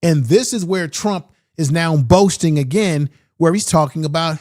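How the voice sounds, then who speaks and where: A man's voice: fairly high pitch, normal speed, few pauses, a little mellow. A man giving opinionated political commentary with emphatic delivery and repeated rhetorical questions.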